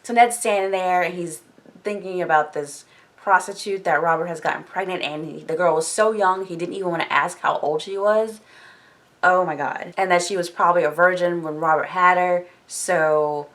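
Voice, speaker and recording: A woman's voice: fairly low pitch, normal speed, fairly bright tone. A woman casually recapping a book on her vlog in a chatty manner, with many filler words. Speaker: book discussion vlogger.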